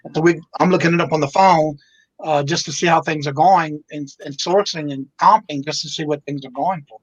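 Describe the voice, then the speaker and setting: A man's voice: fairly high pitch, steady tone, fairly quick, no echo, low-quality recording. A man from Louisiana chatting casually on a livestream in an easygoing, rambling way. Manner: easygoing, rambling, repeats words as he talks. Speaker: reseller and show host.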